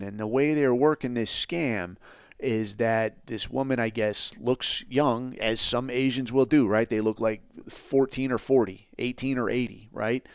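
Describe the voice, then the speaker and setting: A man's voice: mid-range voice, clean tone, dry recording, clean studio sound. A man hosting a podcast, talking in a blunt, profane, rambling and sarcastic way. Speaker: podcast host. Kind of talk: casual podcast commentary.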